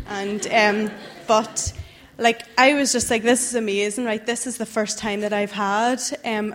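A young woman, giving an earnest, halting personal testimony to a church group, emotional as she tells it. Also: mid-range voice.

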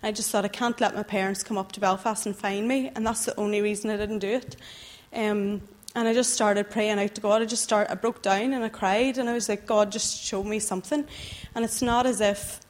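A young woman, giving an earnest, halting personal testimony to a church group, emotional as she tells it. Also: medium pitch, fairly even intonation.

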